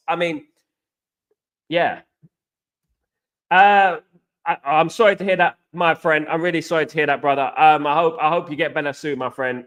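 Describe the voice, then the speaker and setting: A man's voice: on the high side, fairly bright tone. An English man hosting a casual live stream, chatting to viewers and reading out their comments, calling them guys and mate. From England.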